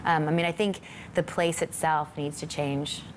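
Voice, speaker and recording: A woman's voice: low voice, fairly even intonation, moderate pace. A woman whose father was a patient, speaking thoughtfully in an interview with hesitant fillers. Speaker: daughter of a patient. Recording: noisy background.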